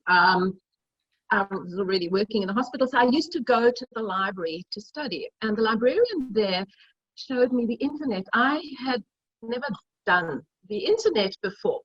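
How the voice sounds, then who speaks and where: A woman's voice: on the high side, animated, moderate pace, fairly bright tone, slightly rough, no echo. A middle-aged woman hosting a casual cooking demo over a video call, chatty and telling stories as she cooks. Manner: chatty, storytelling. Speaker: cooking demonstrator. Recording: dull lo-fi video call audio.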